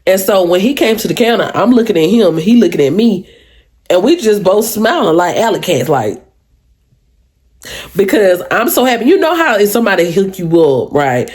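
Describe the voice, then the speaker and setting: A woman vlogger telling a storytime to her viewers, animated and chatty, with a deep voice and sounding a little sick. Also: normal speed. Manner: animated, chatty, keeps addressing viewers as "y'all".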